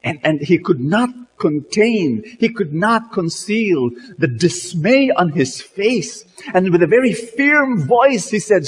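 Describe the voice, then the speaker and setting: A man's voice: high-pitched, big pitch swings, slow, hardly any pauses, husky, in a large hall, low-quality recording. A man telling a story in a sermon, dramatic, with many repeated words and "you know"s.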